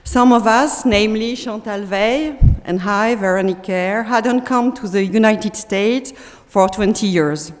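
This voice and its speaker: A French woman with a French accent, a visiting deputy mayor giving a prepared speech in halting English, searching for words. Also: mid-range voice. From France. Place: council chamber. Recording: reverberant chamber on meeting mic.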